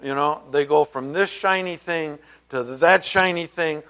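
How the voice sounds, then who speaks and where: A pastor delivers a sermon in a rambling, conversational way, packed with fillers and side comments, lifting his pitch whenever he acts out someone's quoted words. His delivery is a little slow with scarcely any pauses, and his tone is smooth and fairly bright.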